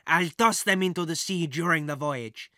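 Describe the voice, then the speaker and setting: A storybook reader voicing a menacing adult male thief who growls slow, loud threats. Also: mid-range voice, no echo, studio quality, lightly acted. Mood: scheming. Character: menacing red-haired male thief, gruff. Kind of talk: audiobook character voice.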